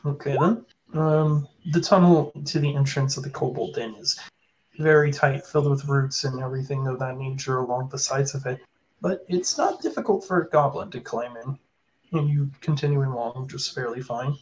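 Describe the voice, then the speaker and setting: A man running a tabletop game as game master, narrating in a casual, halting way with fillers. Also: mid-range voice, darkish tone, rough recording.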